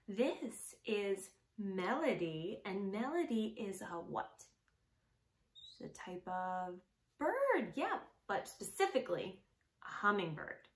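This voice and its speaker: Preschool music teacher, young woman, bouncy and highly animated, asks the kids and answers herself. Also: echoey room. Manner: slow, exaggerated, questioning children and answering for them. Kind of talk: sing-song lesson for small children. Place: home room.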